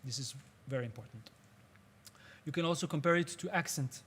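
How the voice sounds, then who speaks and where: Male workshop teacher, slightly raised pitch, patient and halting, searching for English words. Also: fairly bright tone, husky. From Israel. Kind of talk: spoken workshop lecture.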